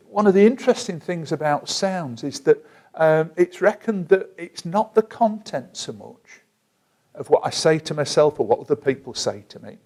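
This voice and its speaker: A man teaching a self-help technique in a calm, guided way, slowing down to give step-by-step instructions. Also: a little high. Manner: measured and gentle, slows down to give instructions.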